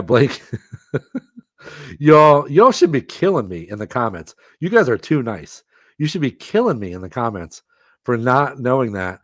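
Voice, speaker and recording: Excitable man live-streaming with a lively voice. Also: medium pitch, no room sound, clean studio sound. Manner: excitable, self-mocking, laughs often. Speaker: livestream host commentating a fantasy football auction. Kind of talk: live-stream commentary, chatting with viewers.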